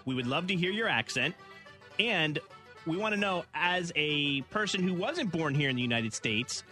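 Bright-voiced male radio host. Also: on the high side, lively intonation, moderate pace, faint music behind. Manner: playful, reads out lists. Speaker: radio morning show host. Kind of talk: casual radio banter. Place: radio studio.

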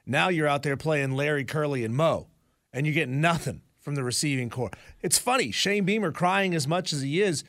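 Brief: male co-host, slightly high voice, joking storyteller, dry studio sound. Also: normal speed, a bit bright, no room sound. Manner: wisecracking, storytelling. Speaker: radio co-host. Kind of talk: sports talk radio.

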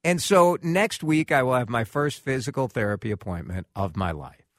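Man radio host, animated storyteller, bright tone, dry close mic. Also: mid-range voice, no echo. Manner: animated storytelling, acts out quotes. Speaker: radio talk show host. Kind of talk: casual radio chat.

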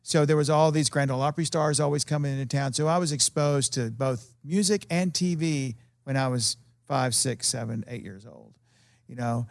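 A man's voice: medium pitch, moderate pace, gravelly, no echo, studio quality. A man, a television producer, telling rambling anecdotes as a guest in a casual interview. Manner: animated, rambling anecdotes with quoted voices.

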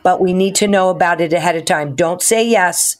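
A woman's voice: lowish voice, fairly quick. A woman co-hosting a radio show who explains mortgage advice in a practical, casual way. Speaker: mortgage lender, radio co-host.

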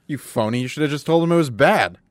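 A man's voice: medium pitch, lively intonation, fast talker, no room sound, studio quality. A man co-hosting, jumping in with short teasing jabs in casual banter. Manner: teasing, needling interjections. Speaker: co-host.

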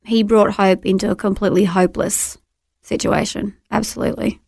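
A woman's voice: mid-range voice, steady tone, brisk, gravelly, darkish tone, dry recording, clean studio sound. A woman telling her personal story as an interview guest, earnest and heartfelt, often restarting her sentences.

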